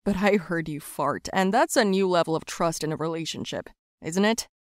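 A woman doing a calm, teasing teenage boy. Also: moderate pace, dry recording, clean studio sound, lightly acted. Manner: calm, low-key and teasing.

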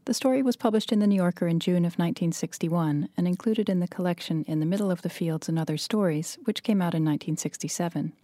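Mellow-voiced woman hosting a podcast. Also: on the low side, quick pace, hardly any pauses, no room sound. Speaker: podcast host, fiction editor. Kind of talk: scripted podcast outro.

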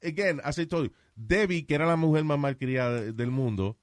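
Male storyteller, bilingual Spanish-English, casual talk-show banter, slightly raised pitch, close dry mic. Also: animated, quick pace, no echo. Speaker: entertainer and MC.

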